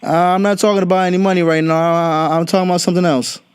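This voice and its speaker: A man's voice: high-pitched, little pitch movement, rapid-fire, clean tone. A young man hosting a podcast, ranting bluntly and profanely in casual talk. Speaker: podcast host. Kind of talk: casual political rant.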